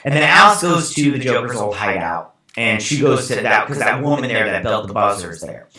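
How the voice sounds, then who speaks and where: Bright-voiced exasperated man reviewing TV. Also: medium pitch, expressive, fairly quick, slightly rough. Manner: exasperated, sarcastic rambling with many fillers. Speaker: TV show reviewer and host. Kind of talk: casual episode recap and review.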